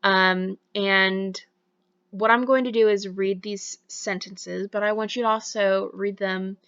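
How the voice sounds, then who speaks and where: A woman's voice: mid-range voice, steady tone, slow, fairly bright tone, clean tone, muffled recording. A woman giving a recorded university lecture on voice and diction, explaining with frequent fillers.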